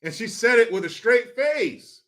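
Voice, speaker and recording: High-voiced man ranting sarcastically. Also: animated, measured pace, a bit bright. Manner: sarcastic, profane, mocking. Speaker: show host. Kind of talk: ranting political commentary.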